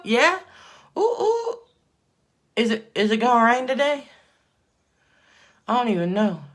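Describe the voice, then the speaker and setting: A woman chatting casually to viewers on a livestream while doing her makeup, excitable and prone to loud bursts of praise. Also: a little high. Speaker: livestream host.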